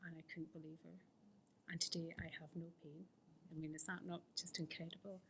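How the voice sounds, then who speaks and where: A woman's voice: low voice, little pitch movement, a little fast, creaky, fairly bright tone, a little hiss or hum. A middle-aged woman telling her own recovery story at a fellowship meeting, candid and self-mocking, often sinking into a whisper. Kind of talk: personal testimony talk.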